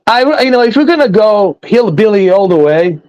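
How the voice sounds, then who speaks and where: A man's voice: sits high, big pitch swings, moderate pace, darkish tone, lo-fi sound. A man hosting a casual podcast, joking and bantering with a boastful, playful manner. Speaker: podcast host. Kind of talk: casual chat.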